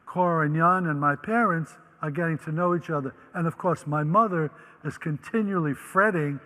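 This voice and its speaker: A man's voice: a little high, normal speed, sharp tone. Older man telling his story in a hall. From Netherlands. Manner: vivid storyteller who acts out quoted voices. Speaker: Holocaust survivor speaker. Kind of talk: personal storytelling talk.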